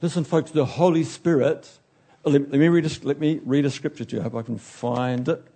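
A man preaching a sermon in an animated way, acting out the figures he talks about and now and then losing his place. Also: a little high, a little fast. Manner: animated, acts out biblical figures, loses his place and laughs.

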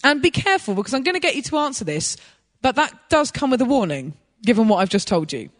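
A woman preaching a sermon, telling a personal story in an animated way and laughing as she goes. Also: on the high side, fast talker, big-room sound.

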